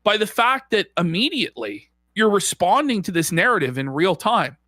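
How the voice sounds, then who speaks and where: A man's voice: high voice, big pitch swings, normal speed, pushed and bright, no room sound, studio quality. A man reading out posts and mocking them in sarcastic, profane commentary. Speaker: co-host.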